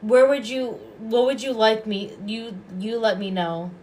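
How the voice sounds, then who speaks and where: A woman's voice: a little high, unhurried, a little mellow, a little hiss or hum. A woman hosting a casual livestream as a Reiki and hypnosis practitioner, chatty, affectionate and rambling.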